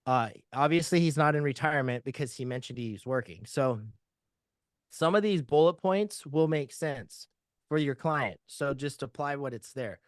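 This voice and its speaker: A man's voice: medium pitch, normal speed, no room sound, clean studio sound. A man teaching insurance sales, upbeat and joking as he walks through client questions. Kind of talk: sales training talk with role-play.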